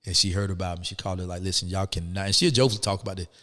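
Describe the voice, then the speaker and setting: Low-voiced man telling his story. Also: racing, in a large hall. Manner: animated, acts out quoted people. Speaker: interview guest. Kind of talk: storytelling in a casual interview.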